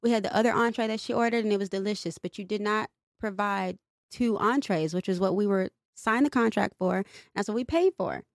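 A woman's voice: mid-range voice, brisk, creaky, dry recording, clean studio sound. A young woman co-hosting a podcast, venting in casual chat and swearing freely. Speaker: podcast co-host.

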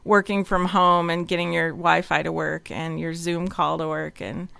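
A woman hosting a relaxed wrap-up chat after a group reading, chatty and giggly, with many fillers. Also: lowish voice, moderate pace, vocal fry, clean tone, no room sound. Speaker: host and organizer of the reading. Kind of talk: casual stream wrap-up chat.

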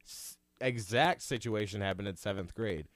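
A podcast host in a casual chat, joking with quick comebacks. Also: deep voice, no echo.

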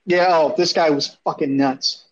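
Profane animated man telling a story. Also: a little high, moderate pace, slight background noise. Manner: animated, profane, acts out quotes. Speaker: storyteller on a podcast. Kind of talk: casual storytelling chat. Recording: dull lo-fi sound.

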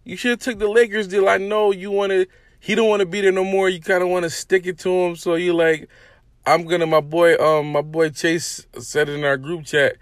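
A man hosting a casual sports podcast. He talks straight to his listeners in an animated, hyped-up way and calls people out. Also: high-pitched, a little fast, dry recording, clean studio sound. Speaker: podcast host.

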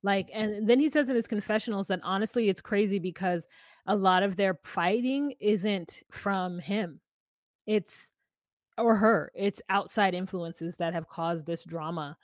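A woman's voice: mid-range voice, unhurried, no echo, studio quality. A woman co-hosting a podcast, giving reflective, casual commentary on a reality show. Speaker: podcast co-host.

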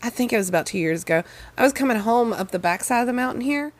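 A young woman telling a story in casual chat, lively and swearing freely. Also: a little high, fast talker, no echo. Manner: animated, swears freely, acts out quotes. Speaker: podcast co-host.

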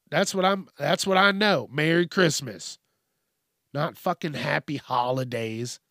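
Slow-talking, profane, ranting man. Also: fairly high pitch, a bit bright, no room sound, studio quality. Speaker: host. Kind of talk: profane rant-style commentary on news stories.

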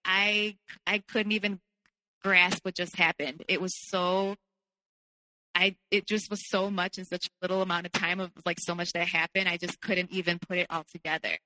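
A woman's voice: fairly low pitch, little pitch movement, normal speed, bright, forceful tone, long reverb tail, rough recording. A woman guest telling her personal story candidly, peppering her speech with "like". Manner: candid, heavy use of "like". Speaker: podcast guest.

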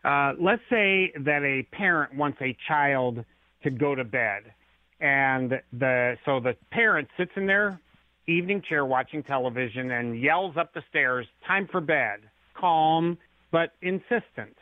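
A man with a medium-pitched, expressive voice speaks a little slowly in a dry recording. He's an author appearing as a radio guest on a tinny phone line, using stories and performed quotes to get his ideas across.

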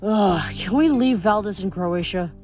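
A gruff, blunt young male demigod who grumbles at his friends, as a woman reads him aloud. Faint music sits behind the storybook reading. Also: mid-range voice, unhurried, darkish tone, close to an everyday voice.

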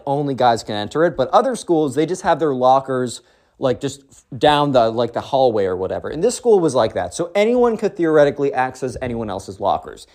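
Brief: young male vlogger, excitable storyteller, lively pitch. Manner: slangy, excitable, lots of 'bro' and 'like'. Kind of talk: casual storytime vlog.

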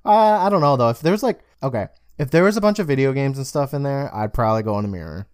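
Young guy on a podcast, super animated retelling, voices jumping around, dry close sound. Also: medium pitch, fast, no room sound. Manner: animated storyteller, acts out characters' lines. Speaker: podcast co-host. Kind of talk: casual chat recapping a TV episode.

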